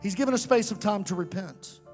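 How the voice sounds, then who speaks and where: A male pastor preaching a fiery sermon to a congregation, sometimes shouting and chanting his lines. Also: high voice, a little fast, long reverb tail, soft background music. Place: church sanctuary.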